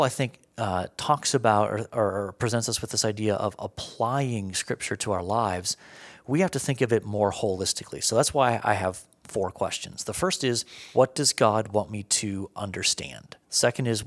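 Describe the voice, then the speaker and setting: Earnest low-voiced man explaining. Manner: earnest, explains in numbered steps with everyday examples. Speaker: Bible scholar guest. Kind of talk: conversational teaching.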